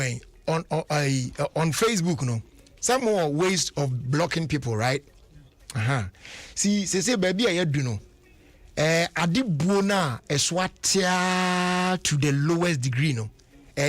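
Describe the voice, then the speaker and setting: A man's voice: fairly high pitch, no room sound. A Ghanaian man hosting a radio talk show, chatty and full of restarts and rhetorical questions. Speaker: radio host.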